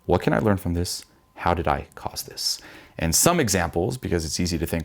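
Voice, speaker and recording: A young man giving blunt, profane self-help advice, mimicking panicked voices in a higher pitch. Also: lively intonation, a little fast, vocal fry. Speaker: vlogger giving life advice. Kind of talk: direct-to-camera self-help talk.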